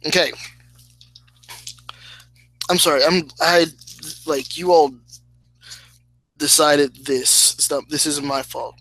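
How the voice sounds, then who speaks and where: Slow, bright-voiced game master. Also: male voice, on the high side, poor audio. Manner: slow, hesitant, laughs at himself. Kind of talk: narrating a tabletop game.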